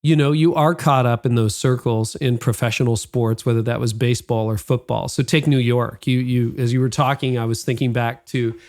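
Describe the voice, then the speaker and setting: A man's voice: medium pitch, fairly even intonation, moderate pace, hardly any pauses, darkish tone. A man hosting a podcast, asking long questions in a conversational way and thinking aloud as he goes. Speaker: podcast host. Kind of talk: interview questions.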